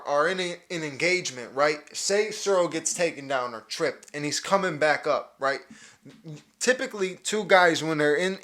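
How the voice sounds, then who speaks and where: A young man hosts his podcast alone, talking through fight predictions with eager energy. His voice sits a little high for a man, and he stumbles into repeats and restarts as his thoughts run ahead. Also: fairly bright tone. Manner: enthusiastic, repeats words and restarts often. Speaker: podcast host. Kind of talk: solo fight breakdown.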